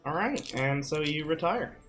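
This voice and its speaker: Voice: mid-range voice, lively intonation, normal speed, fairly bright tone, soft background music. A game master narrating a tabletop game in a chatty way, with many fillers.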